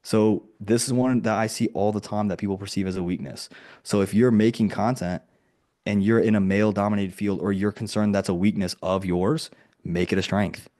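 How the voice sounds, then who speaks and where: Guy w a lowish voice coaching folks on a video call, chatty, says like a lot. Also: fairly even intonation, moderate pace, darkish tone. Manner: casual and conversational, full of "like" and quoted dialogue.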